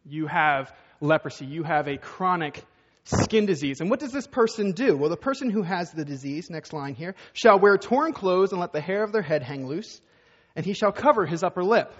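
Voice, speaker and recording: A high-voiced man preaches a relaxed, conversational sermon full of rhetorical questions. His voice has a long hall echo, and the sound is dull and muffled. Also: a little fast.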